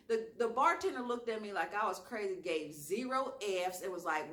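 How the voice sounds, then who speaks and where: Animated Southern woman telling a story. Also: medium pitch, a little fast, hardly any pauses. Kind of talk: storytime vlog. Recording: echoey room.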